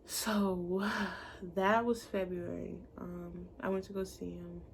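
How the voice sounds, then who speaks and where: A woman's voice: lowish voice, flat delivery, slow, gravelly, slight background noise. A young woman telling a story in a casual vlog, blunt and profane, acting out the voices of the people she quotes.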